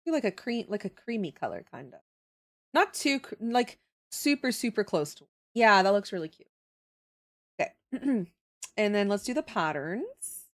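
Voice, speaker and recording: A woman's voice: mid-range voice, very animated, a little slow, long pauses. A young woman hosting a livestream, chatting casually while she draws and laughing often as she reads and answers her chat. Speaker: livestream host.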